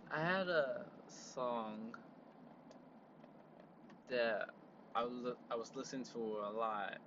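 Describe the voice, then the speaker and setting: A man with a middle-pitched voice talks at an unhurried, meandering pace, hosting his own podcast. He fills gaps with "um" and "like" and laughs easily. The recording is slightly dull and lo-fi, with a faint hum behind it inside a parked car. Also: a bit bright. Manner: rambling, laughs often, many fillers. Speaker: podcast host. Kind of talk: casual solo podcast chat.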